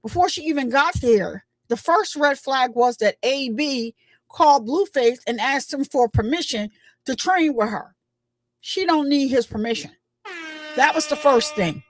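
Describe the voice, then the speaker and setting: A woman's voice: sits high, animated, measured pace, no room sound. A woman hosting her own channel, giving casual, emphatic commentary and retelling what people said. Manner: chatty, emphatic, retells quotes.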